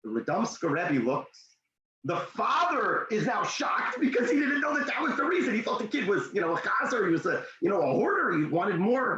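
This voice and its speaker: Animated guy telling a story, kinda high voice, echoey room. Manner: animated storyteller, pitch leaps when excited. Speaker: motivational speaker. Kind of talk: storytelling in a discussion. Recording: echoey room, dull lo-fi sound.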